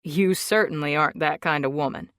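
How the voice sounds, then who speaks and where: A woman reading an audiobook, voicing a protective wealthy young man who talks in a steady, firm way. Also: a little fast, no room sound, studio quality. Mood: determined. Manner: steady, low-key, firm. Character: protective rich young man, calm and determined.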